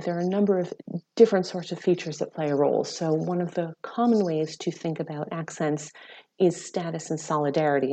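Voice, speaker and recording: A woman psychology lecturer, a podcast guest, explaining her research in a measured, explanatory way. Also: lowish voice, mellow. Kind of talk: academic podcast interview.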